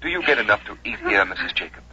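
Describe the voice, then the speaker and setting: An actor playing an on-the-scene radio reporter who asks calm, measured questions, on an old radio drama recording. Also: male voice, on the low side. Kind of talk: 1950s radio drama acting. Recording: dull old radio broadcast with hiss.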